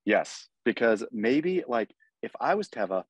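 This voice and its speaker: An American man co-hosting a podcast in casual chat, animated and quick to act out mock dialogue. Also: medium pitch, breathy edge, no echo. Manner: animated, acts out mock dialogue, laughs often. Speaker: podcast co-host.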